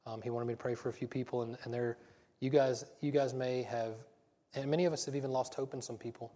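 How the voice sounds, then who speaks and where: A man's voice: mid-range voice, steady tone, fast, dark tone. A man preaching a casual sermon, rambling and breaking into stories, often restarting his sentences. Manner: rambling, self-interrupting storyteller. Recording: long hall reverb.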